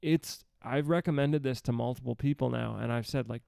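A young man in relaxed podcast chat, rambling through his thoughts with a gravelly edge to his voice. His tone is smooth and resonant, recorded close and dry with no room sound. He swears now and then and likes to tease. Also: mid-range voice, moderate pace, few pauses, no room sound. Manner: rambling, swears casually, teasing. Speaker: podcast co-host. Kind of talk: casual chat reviewing a TV show.

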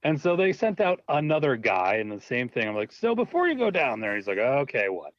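A man's voice: medium pitch, brisk. A man as an interview guest, telling a story in a casual, laughing way and acting out the voices in it. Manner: animated, laughing, acts out voices in his stories. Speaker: guest, low-budget filmmaker. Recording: dull, dry lo-fi audio.

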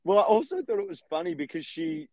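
A young man, a real estate agent and podcast co-host, telling stories in an animated, casual way. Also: high voice, quick pace, no room sound, muffled recording. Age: young adult. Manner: animated storytelling with laughs. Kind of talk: casual chat.

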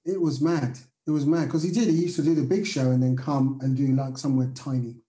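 A man's voice: medium pitch, fairly even intonation, a little fast, dark tone, echoey room. A man hosting a casual chat, eager and affirming, jumping in with his own stories. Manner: enthusiastic, affirming, chatty.

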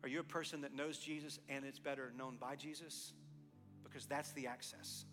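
A man's voice: medium pitch, normal speed, big-room sound, soft background music. A pastor from East Texas, preaching a sermon and acting out both voices in the stories he tells. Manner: animated storytelling, acting out both sides of dialogues, then quiet earnest appeal.

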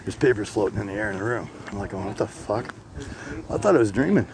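Fast-talking profane middle-aged man. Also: lowish voice, crowd noise. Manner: profane, animated storyteller. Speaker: podcast host. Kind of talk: casual storytelling. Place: outdoors on a hilltop.

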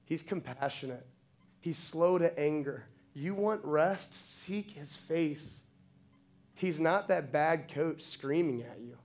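A man delivering a heartfelt sermon in a slightly high, gravelly voice. He speaks with conviction and rises into insistent, repeated calls to his listeners. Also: darkish tone. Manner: passionate, builds to emphatic repetition. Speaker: pastor.

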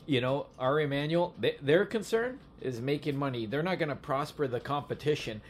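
A man co-hosting a wrestling podcast, talking casually and telling stories with quick asides and laughter. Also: a little high, animated. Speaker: podcast co-host. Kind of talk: casual chat. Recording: faint background noise.

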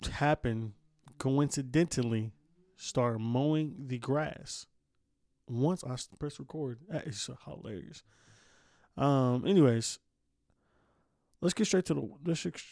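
A man's voice: medium pitch, darkish tone, smooth, no room sound, clean studio sound. A man hosting a casual solo podcast, rambling and groggy after just waking up, cussing a lot and stumbling over his words. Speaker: podcast host.

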